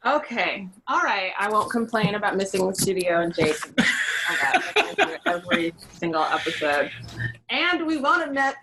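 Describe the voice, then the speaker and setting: A woman's voice: medium pitch, very animated, normal speed. A woman in her thirties hosting a podcast from home, chatty and giggly. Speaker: podcast host. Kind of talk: casual chat. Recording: home recording with noticeable background noise.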